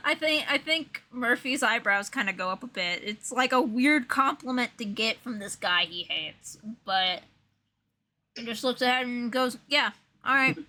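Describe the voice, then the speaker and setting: A woman's voice: a little high, lively intonation, normal speed, bright, forceful tone. A woman narrating a role-play scene casually, chatty and laughing often. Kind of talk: casual collaborative storytelling.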